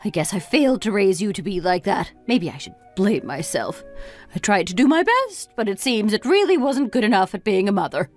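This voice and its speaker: A woman's voice: medium pitch, sing-song, brisk, a little mellow, soft background music, lightly acted. A woman voicing a weary middle-aged mother who lectures her grown son reproachfully. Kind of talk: story narration dialogue.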